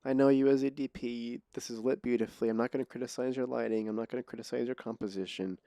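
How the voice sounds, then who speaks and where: A man's voice: medium pitch, fairly even intonation, quick pace, warm tone, no echo, clean studio sound. A man hosting a podcast, chatting casually and often restarting his sentences. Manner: rambling, trails off and restarts sentences. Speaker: podcast host. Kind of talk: casual conversation. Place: Los Angeles.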